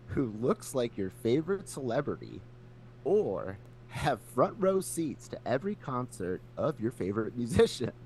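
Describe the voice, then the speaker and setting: A man's voice: medium pitch, darkish tone, a little hiss or hum. A male podcast co-host, laid-back, telling stories and swearing freely. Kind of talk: casual chat.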